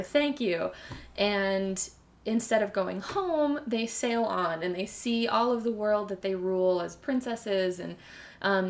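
A young woman chatting casually and retelling a fairy tale in a rambling, animated way. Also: medium pitch.

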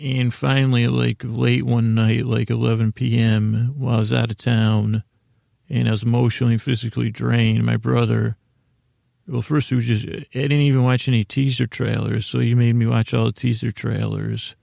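A man's voice: mid-range voice, level tone, moderate pace, vocal fry, a little mellow, no echo. A man hosting a podcast, recapping an episode in a casual, rambling way from his notes, often breaking off and restarting. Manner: rambling, self-interrupting, reading from notes. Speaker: podcast host.

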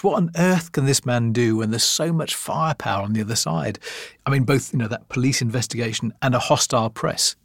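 A man hosting a documentary podcast, narrating in a reflective, measured way. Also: mid-range voice, breathy edge, no room sound, clean studio sound. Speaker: host.

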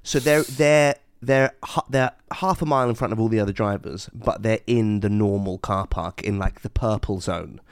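Male podcast co-host, low voice, dry close sound, playful banter. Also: normal speed, hardly any pauses, smooth, no room sound. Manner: animated, jokey, does silly voices. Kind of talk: casual comedic chat.

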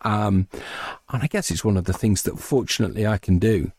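Lower-voiced male narrator in chat. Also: fairly quick, a little mellow, dry recording. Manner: chatty, explaining at length. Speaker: audiobook narrator guest. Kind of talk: casual interview chat.

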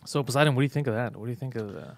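A man's voice: mid-range voice, very fast, vocal fry, no echo. A man hosting a comedic live stream, joking and emphatic as he chats with a co-host and greets viewers.

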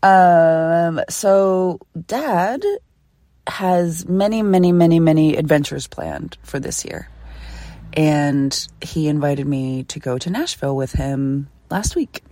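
A woman's voice: low-pitched, slow, mellow, dry recording, studio quality. Laid-back woman telling a story solo. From Philadelphia, USA. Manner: chatty, laughs often, swears freely. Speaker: podcast host. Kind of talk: casual solo storytelling podcast.

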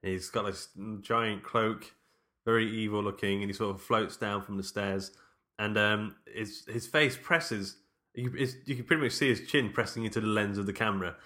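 Bright-voiced chatty man. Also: lowish voice, normal speed. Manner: chatty, laughs often, restarts mid-sentence. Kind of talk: casual film chat.

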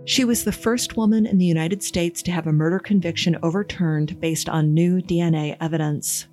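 A woman giving scripted true-crime podcast narration in a measured, even storytelling manner. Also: lowish voice, soft background music.

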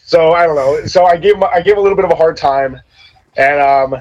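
A man as a podcast guest in casual chat, rambling and animated. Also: fairly high pitch, brisk. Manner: rambling, animated, many restarts. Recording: dull lo-fi sound.

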